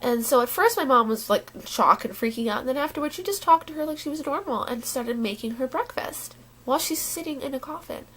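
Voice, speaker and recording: A woman talking casually to her camera, rambling and halting with many restarts, sounding uneasy and worried. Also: high-pitched, animated, a bit bright. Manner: unsettled and worried. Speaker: vlogger.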